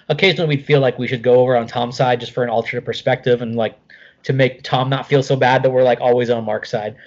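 A middle-aged man telling a casual anecdote as a guest, animated, swearing freely and filling with "like". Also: mid-range voice, highs cut off.

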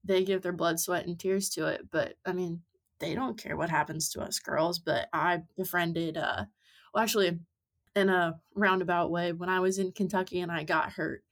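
A woman's voice: lowish voice, fairly even intonation, normal speed, fairly bright tone. A woman in her twenties, a guest on a podcast, telling stories in casual chat with plenty of fillers. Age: 20s. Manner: chatty storytelling with many fillers. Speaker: podcast guest, amateur rider.

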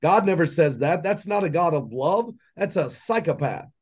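A man's voice: fairly high pitch, lively intonation, normal speed, husky. A man, a podcast guest, lays out his beliefs in an impassioned monologue, firing off rhetorical questions. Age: adult with children. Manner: preachy, fires rhetorical questions. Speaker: podcast guest, entrepreneur and mentor.

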